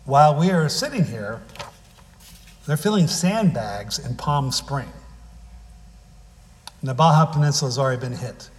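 A man's voice: medium pitch, lively intonation, normal speed, pauses often, big-room sound. A man preaching a sermon, reading scripture and then telling family stories in a conversational way with wry humor. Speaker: pastor.

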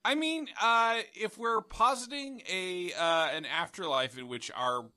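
A man's voice: high voice, unhurried, bright, forceful tone, clear, resonant tone, no room sound, studio quality. A man co-hosting a podcast in a playful, joking casual chat, laughing often. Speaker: podcast co-host.

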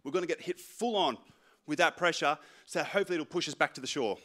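Young male pastor, bright tone, lively self-mocking sermon storyteller. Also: on the high side, fast.

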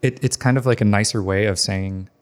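A man's voice: on the low side, fairly even intonation, fairly quick. A man hosting a podcast interview, asking friendly, curious questions. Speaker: podcast host.

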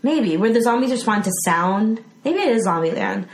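A young adult woman chatting as a podcast guest, bubbly and giggly and quick to slip into silly voices. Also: mid-range voice, animated, a loud crowd. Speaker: podcast guest, improv performer. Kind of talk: casual chat. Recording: roomy with background noise.

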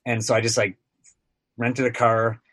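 A man's voice: medium pitch, monotone, normal speed, fairly bright tone, dry recording. A sports broadcaster guest, a man in his thirties, telling casual stories on a podcast, rambling with lots of filler words.

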